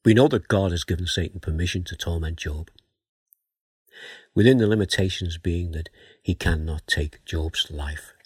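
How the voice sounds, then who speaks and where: A man giving a Bible teaching sermon, asking questions and reading scripture aloud in a measured way. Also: sits low, husky, no room sound. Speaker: preacher.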